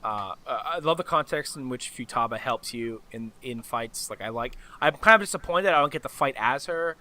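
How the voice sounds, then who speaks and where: A man with a bright, forceful voice talks casually on a podcast, circling back on his words with fillers and restarts. He keeps the conversation moving and hands the floor to others. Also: medium pitch, animated, moderate pace. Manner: rambling, many restarts and fillers, laughs easily. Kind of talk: casual chat about a video game.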